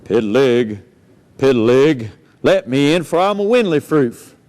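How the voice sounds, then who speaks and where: A man voicing a big bad wolf in a comic story for children, with a deep drawn-out growl. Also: sing-song, darkish tone. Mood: menacing. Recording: long hall reverb.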